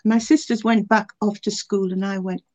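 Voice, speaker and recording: A woman's voice: medium pitch, fairly even intonation, moderate pace, darkish tone. An older woman who shares a personal faith testimony in an interview, telling stories earnestly and with feeling, often restarting her sentences. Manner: earnest, emotional storytelling with many restarts. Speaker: interview guest.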